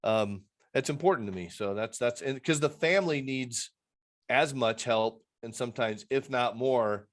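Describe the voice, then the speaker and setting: A man's voice: mid-range voice, normal speed. A man who works as an addiction interventionist, a guest on a video-call interview, talking in an earnest, rambling way and acting out the people he quotes.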